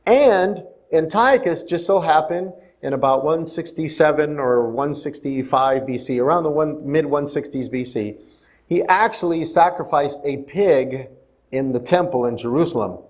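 A pastor's fairly high, darkish-toned voice moves at a normal speed as he delivers a relaxed Bible study sermon in the sanctuary. He keeps turning to the congregation with questions.

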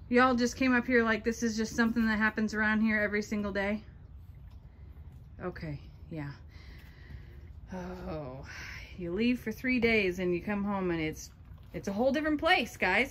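A woman's voice: mid-range voice, expressive, normal speed, fairly bright tone, a little hiss or hum. A woman with a Texan accent talking casually to the camera on her farm, teasing and chatting with her animals. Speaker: farm vlogger. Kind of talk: casual vlog talk to camera. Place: outdoors on a farm.

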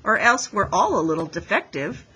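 A woman's voice: medium pitch, expressive, normal speed, pushed and bright, a little hiss or hum, low-quality recording. A woman reading the lines of a curious, blunt young girl in a storybook, in a frank, questioning way.

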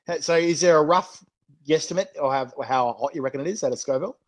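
A man's voice: fairly high pitch, fast talker. An Australian man hosting a live-streamed chat while eating chillies, joking, laughing often and talking in slang. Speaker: host.

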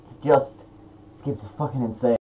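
A teenage boy giving gameplay commentary, excitable and quick to swear and yell at the game. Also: medium pitch, slight background noise, rough recording. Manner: excitable, swearing, yelling outbursts. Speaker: gaming YouTuber.

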